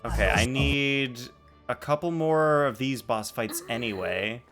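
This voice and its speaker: A man streaming a game, chatting casually and excitably with his viewers. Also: mid-range voice, a little slow, music in the background. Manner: excitable, jokey, reacting to chat. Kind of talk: casual live-stream chat.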